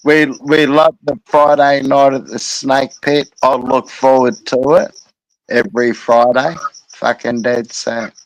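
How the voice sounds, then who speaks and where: Slow-talking Australian man, dry sound. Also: medium pitch, little pitch movement, dry recording, poor audio. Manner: laid-back, sweary banter. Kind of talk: casual livestream chat.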